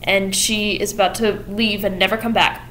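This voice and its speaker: A young woman chats through a story at her own easy pace, dropping in quick asides and little giggles. Her voice sits at a middle pitch, with faint room noise behind it. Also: level tone, sharp tone, poor audio. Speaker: vlogger summarizing a musical. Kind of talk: casual chat.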